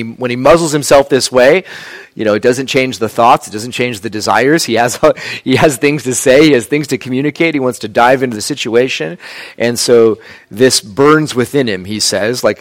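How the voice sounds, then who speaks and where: A man's voice: mid-range voice, no echo. A man preaching a sermon in a conversational, plainspoken way, with casual asides. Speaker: pastor.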